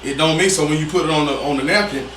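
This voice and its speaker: Animated man telling a story, roomy distant sound. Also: a little high, rapid-fire. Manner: animated, informal, repeats himself for emphasis. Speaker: podcast guest. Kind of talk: casual conversational storytelling. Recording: roomy, distant mic with background noise.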